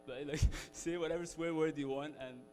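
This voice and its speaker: A man's voice: a little high, steady tone, moderate pace, a little mellow, slight background noise. Chatty Egyptian man in a reverberant hall. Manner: chatty, lots of fillers, laughs often. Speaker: speaker at an alumni talk. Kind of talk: casual storytelling talk. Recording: hall reverb with faint music.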